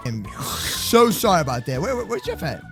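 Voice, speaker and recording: A man hosting a game role-play, talking in an excitable, shouty, slangy way. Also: a little high, normal speed. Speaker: game roleplay host. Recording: game commentary over faint music.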